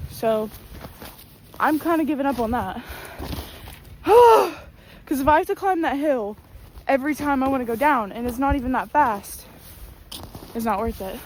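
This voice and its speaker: A woman vlogging outdoors in deep snow, chatty and exclamatory, mocking herself, out of breath with a slightly rough voice, recorded on a tripod camera. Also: a little mellow. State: voice a bit rough. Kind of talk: casual vlog narration. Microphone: camera on a tripod, sometimes from a distance. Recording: noisy outdoor recording, sometimes far from the mic. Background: outdoor ambient noise.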